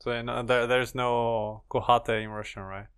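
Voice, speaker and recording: Smooth-voiced podcast host man. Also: medium pitch, flat delivery, moderate pace, a bit bright. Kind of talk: interview questions.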